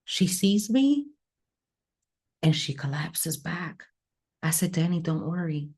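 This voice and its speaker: A woman psychic medium telling a personal story in an interview, animated and acting out the dialogue. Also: low-pitched, takes it slowly, breathy edge. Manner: animated, acts out quoted dialogue. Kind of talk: emotional storytelling.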